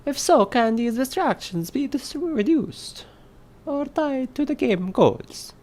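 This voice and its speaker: A man's voice: wildly swooping pitch, normal speed. A man putting on an exaggerated, jolly Italian-accented voice while reading game design questions aloud. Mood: hammy. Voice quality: high, stretched-out cartoonish accent.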